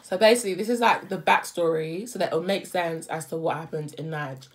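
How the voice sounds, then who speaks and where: A woman of twenty, chatting casually in quick, teasing banter. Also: on the low side. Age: 20s. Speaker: vlogger. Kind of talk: casual chat.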